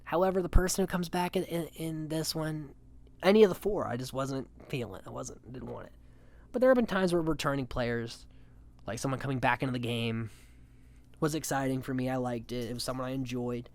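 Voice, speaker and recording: Casual recap podcaster: mid-pitched, chatty, rambling, opinionated, filler-heavy. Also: brisk, a little mellow. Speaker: podcast host. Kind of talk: casual reality-show recap commentary.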